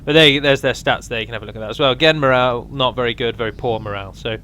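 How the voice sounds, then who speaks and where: A man's voice: medium pitch, rapid-fire, sharp tone, a little hiss or hum. A man giving a casual, rambling walkthrough of a strategy game mod, with frequent ums and restarts.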